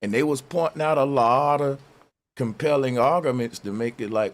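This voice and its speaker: A man's voice: medium pitch, moderate pace. A man hosting a casual podcast chat, laid-back, often affirming his guest with short interjections. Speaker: host.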